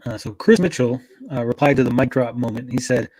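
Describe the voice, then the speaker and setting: A man's voice: medium pitch, fairly even intonation, a little fast, hardly any pauses, a little mellow, dry recording. A man co-hosting a casual podcast chat, reading out online posts with wry, sarcastic asides. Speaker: podcast co-host.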